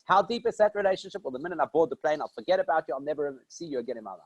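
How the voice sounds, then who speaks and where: A man's voice: on the high side, animated, very fast, breathy edge, no room sound, muffled recording. A man from South Africa giving a conversational Torah lesson, posing questions and answering them himself. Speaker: rabbi teaching a class. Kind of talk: Torah lecture.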